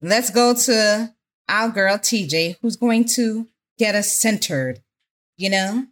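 A woman's voice: medium pitch, expressive, slow. Woman moderating a casual podcast. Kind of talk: casual group chat.

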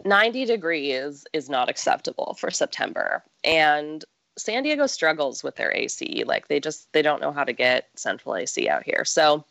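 A woman's voice: sits low, expressive, normal speed, gravelly, a bit bright, no room sound. A young woman from the Midwest chatting casually on a podcast, with lots of "like" and "um" as she talks. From American Midwest. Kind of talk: casual chat.

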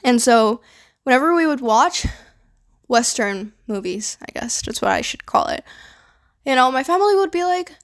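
A woman's voice: sits high, animated, normal speed. A young woman from the Philippines, hosting a podcast, talking casually and rambling with lots of filler words and casual swearing. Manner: rambling, heavy use of fillers like "like" and "you know". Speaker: podcast host. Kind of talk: casual personal monologue.

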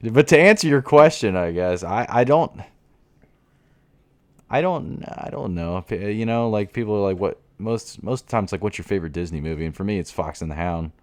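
A man's voice: lowish voice, lively intonation, normal speed, no room sound. A young adult man co-hosting a podcast in casual chat, laid-back and prone to repeating words as he trails off. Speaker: podcast co-host.

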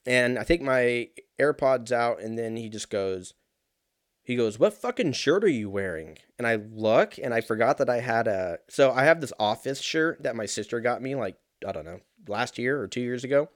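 A man in his early thirties telling a rambling, profane story in a casual, animated way, full of fillers. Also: mid-range voice, moderate pace, dry recording, clean studio sound. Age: 30s.

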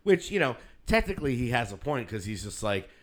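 A man co-hosting a casual podcast chat, rambling and laughing often, acting out quotes in lively bursts. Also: mid-range voice, brisk. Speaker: podcast co-host.

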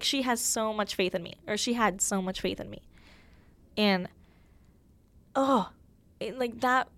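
A young woman hosting a podcast, talking candidly and emotionally in a casual chat full of fillers. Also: on the high side. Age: young adult. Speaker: podcast host.

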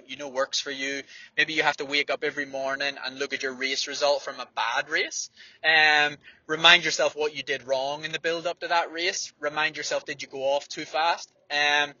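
A man with a slightly raised pitch and a sharp voice delivers blunt, fired-up running advice, swearing freely. The recording is dry and a little dull. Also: fairly even intonation, a little fast, no room sound. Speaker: distance runner giving training advice. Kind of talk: motivational monologue.

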